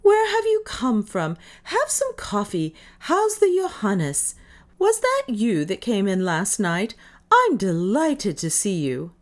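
A woman voicing an impulsive, hearty young male yachtsman in an audiobook, with excited exclamations. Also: mid-range voice, takes it slowly, voice pushed up. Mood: delighted.

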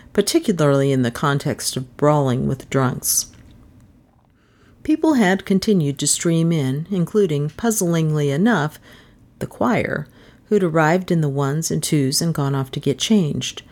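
A woman's voice: low-pitched, darkish tone. A woman narrating an audiobook in a dry, wry storytelling manner.

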